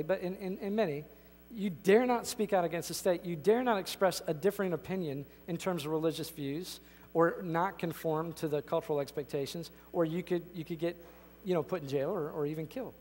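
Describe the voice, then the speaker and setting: Man, pastor, high voice, emphatic conversational sermon, church-hall reverb. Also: a little fast, a little mellow. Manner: emphatic, conversational preaching with frequent restarts. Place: church sanctuary.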